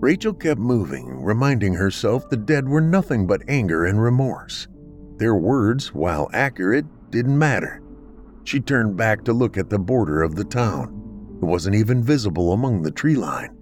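A man hosting a podcast, narrating a horror story in a measured, dramatic way. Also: lowish voice, sing-song, a little mellow, soft background music.

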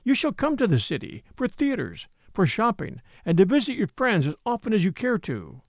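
A man's voice: high-pitched, wildly swooping pitch, moderate pace, dry recording, clean studio sound, voice pushed up, heavily acted. A man reading a story, voicing an ardent, masterful man courting a young woman. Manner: earnest and pleading, then stern.

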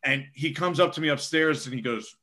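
Sports reporter, male, bright and forceful delivery, casual, filler-heavy storytelling. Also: on the high side, fairly quick. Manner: rambling, lots of fillers.

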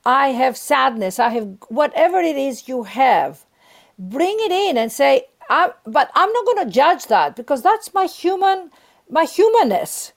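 A middle-aged woman with a somewhat high voice and plenty of vocal fry speaks as a guest in an interview. She talks earnestly and with emphasis, voicing the feelings she describes as if speaking them herself. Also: sing-song, unhurried. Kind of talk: warm spiritual interview talk.

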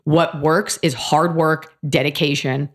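A woman comedian in her thirties chatting on a podcast, blunt and animated, swearing freely as she tells stories. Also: low-pitched, a little slow. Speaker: comedian guest. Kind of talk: casual podcast chat.

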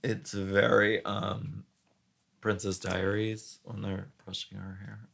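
A man's voice: on the low side, level tone, slow pace, creaky, fairly bright tone. A man co-hosting a chatty podcast in a campy way, drawing out words and using many fillers. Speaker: podcast co-host. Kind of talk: casual chat.

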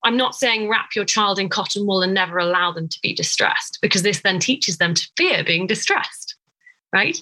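A woman with a bright, forceful voice and a mid-range pitch, guesting on a podcast as a psychologist. She explains in an expressive way and slips into acted-out examples. Her tone is clear and tense. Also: moderate pace, rough recording.

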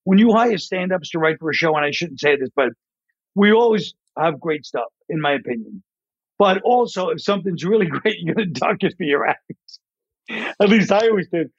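A male comedian guest in a casual interview, telling rambling, animated stories and acting out voices as he goes. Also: sits high, normal speed, no echo, dull audio. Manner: rambling, animated storyteller who acts out voices.

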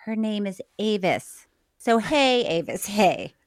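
A woman co-hosting a podcast in casual chat, laughing often and talking in a playful, animated way. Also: medium pitch, slow. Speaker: podcast co-host.

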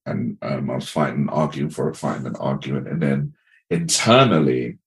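A man's voice: rumbling low, a little slow. A man hosting a podcast, chatting casually and telling stories with lots of fillers and acted-out quotes. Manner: animated storytelling with acted-out quotes and many fillers. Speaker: podcast host. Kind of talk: casual chat.

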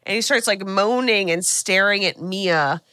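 A woman podcast co-host with a bright, crisp voice, recapping a film in a lively casual chat. She talks fast and loose, full of "like" and side remarks, and the sound is close and dry. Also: medium pitch, no echo. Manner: animated, chatty, full of "like" and quick asides.

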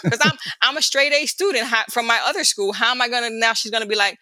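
A middle-aged woman telling her life story as an interview guest, animated and chatty, often laughing and acting out the people she quotes. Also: a little high, quick pace, dry recording, low-quality recording. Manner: animated, laughing storyteller who acts out voices; casual and chatty, addresses the hosts directly.

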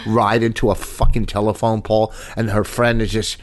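A man's voice: lowish voice, level tone, moderate pace. A man telling a story in casual, profane banter with his wife, exasperated and acting out drunk people's lines. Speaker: storyteller in a couple's chat.

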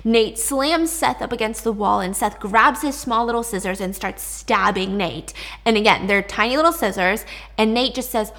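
A woman hosting a podcast, retelling a story in an animated, casual way. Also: fairly high pitch, normal speed, few pauses. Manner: chatty, animated, swearing. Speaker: podcast host.

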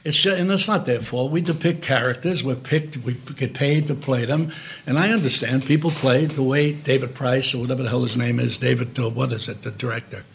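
Gravelly older New York man storyteller. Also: medium pitch, brisk. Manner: animated, salty, acts out quotes. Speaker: guest actor. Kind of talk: storytelling interview. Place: private club room.

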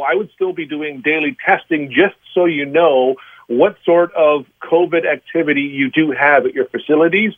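A man's voice: fairly high pitch, dry recording. Male expert on a tinny phone line. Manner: measured, explanatory. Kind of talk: phone interview.

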